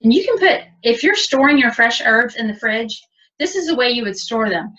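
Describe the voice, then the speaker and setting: A cooking instructor leads a demonstration, chatty as she explains each step, in a voice on the high side that is expressive, moderately paced and a bit bright. The audio is dull and lo-fi, recorded from a distance.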